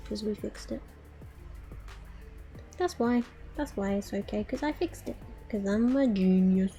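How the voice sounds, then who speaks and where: Chatty woman streamer, mellow voice. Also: mid-range voice, measured pace, long pauses, faint music behind. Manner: chatty, muttering to herself, playful baby talk. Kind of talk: casual craft stream chat.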